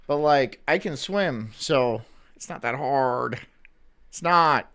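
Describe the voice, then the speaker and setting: A man's voice: mid-range voice, takes it slowly, a bit bright, clear, resonant tone. A young man streaming on a headset mic, chatting casually in a joking, defensive way and laughing often. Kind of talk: casual livestream chat.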